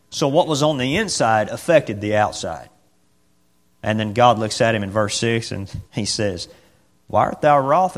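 A man's voice: medium pitch, fairly bright tone, big-room sound. A man preaching a sermon in a conversational way, who asks his congregation questions, repeats his phrases and acts out the scripture dialogue.

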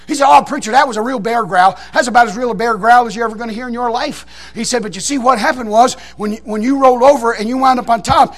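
A man, a preacher telling a folksy story in a sermon to a congregation, shouting out the lines he quotes. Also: very high-pitched, quick pace. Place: church in front of a congregation.

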